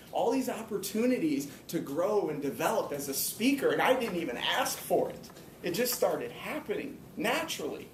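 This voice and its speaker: A man giving a personal, earnest motivational talk to a live audience, slowing down to stress his main points. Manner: earnest, emphatic, slows down to stress key points. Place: hall or room before an audience. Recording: echoey room, speaker far from mic, faint rumble.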